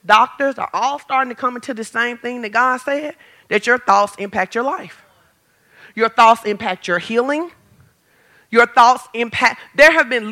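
High, bright-voiced woman preacher. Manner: animated, humorous, builds to shouts. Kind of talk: sermon.

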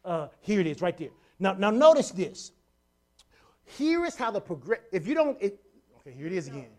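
A pastor delivering a sermon with a mid-range voice, speaking casually and with emphasis. Key lines are repeated for effect, with stammered restarts along the way. The delivery climbs from hushed asides to loud, driving stretches. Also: medium pitch, big pitch swings, normal speed. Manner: builds from quiet to loud passages.

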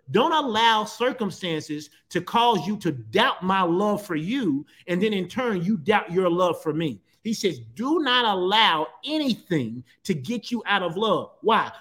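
High-voiced man preaching with emphasis. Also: fairly bright tone. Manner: emphatic preaching, repeats and stretches key phrases. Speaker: pastor. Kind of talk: sermon.

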